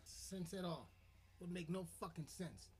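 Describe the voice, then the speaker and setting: A man's voice: high-pitched, measured pace. A man hosting a podcast, ranting in anger, swearing constantly and stumbling over his words. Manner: profane, stammering, heated. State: furious. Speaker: podcast host. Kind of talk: angry podcast sign-off rant.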